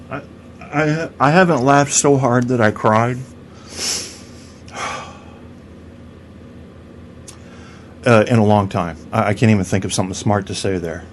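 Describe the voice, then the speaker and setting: A man's voice: fairly low pitch, slight background noise. Profane rambling male podcast host. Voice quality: rambling, profane, stammering restarts. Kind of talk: crude comedic rant.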